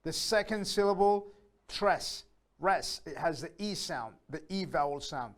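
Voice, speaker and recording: A man with a slightly raised pitch teaches beginners English. He talks them through each rule step by step, with the odd filler, and slowly says every example word several times so they can copy it. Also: animated. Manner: slow, repeats words aloud to model pronunciation; patient, explains step by step with fillers.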